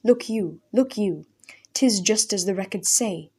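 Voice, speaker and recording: Woman reading a crazed old hermit, archaic and fervent, shouting then whispering, storybook style. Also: mid-range voice, measured pace, husky. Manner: intense, archaic speech, shouting then hushed. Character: mad old male hermit, wild and fervent.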